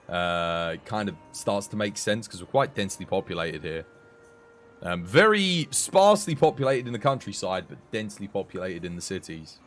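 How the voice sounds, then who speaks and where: A man from the United Kingdom with a British English accent, a game streamer talking casually and sarcastically in a joking, rambling way. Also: lowish voice. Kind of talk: casual live-stream chat.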